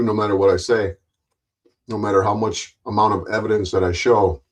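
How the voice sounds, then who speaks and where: A man with a lowish voice streams an angry, swear-filled monologue. He's blunt, repeats himself, restarts often, and mocks other people's voices.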